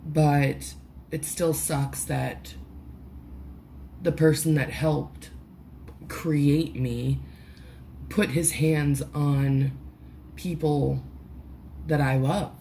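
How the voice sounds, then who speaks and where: A woman vlogging, close to tears, talking haltingly with many restarts and swear words, through a headphone mic at home. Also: sits low, fairly even intonation, dark tone, a little hiss or hum. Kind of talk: emotional personal vlog.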